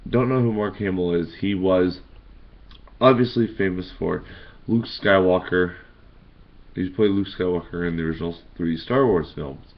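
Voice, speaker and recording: A man with a very low voice hosts his own channel, explaining things in a loose, casual way. He rambles and restarts his sentences, filling gaps with ums and uhs. The audio is dull and lo-fi. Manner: rambling, hesitant with many fillers and restarts. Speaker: host of a video channel. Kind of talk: casual tutorial talk.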